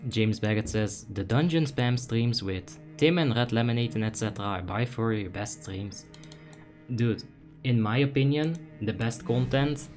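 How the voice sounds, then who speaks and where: Casual young man streaming a game. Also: medium pitch. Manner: casual, reads chat aloud, excited bursts. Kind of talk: live gameplay commentary.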